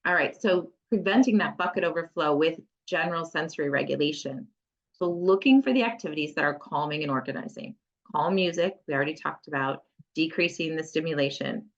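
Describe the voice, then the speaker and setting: A woman's voice: low-pitched, brisk. A middle-aged woman, an occupational therapist, giving a conversational parent education talk with playful asides. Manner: conversational, practical, with playful acted asides to children. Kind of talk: presenting a parent education webinar. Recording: slightly muffled lo-fi audio.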